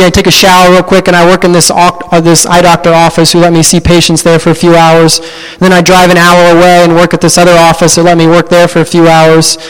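High, smooth-voiced man in an echoing hall. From Ohio, USA. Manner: animated, self-deprecating storytelling. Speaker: speaker giving a personal testimony. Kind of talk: storytelling talk to a live audience. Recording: long hall reverb.

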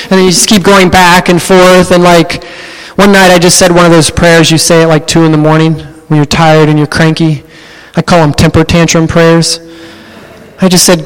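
A young man from Ohio tells a story from his own life to a live audience, animated and poking fun at himself. His voice sits high and sounds smooth and clear. Long reverb rings around him in a big hall. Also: moderate pace. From Ohio, USA. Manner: animated, self-deprecating storytelling. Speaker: speaker giving a personal testimony.

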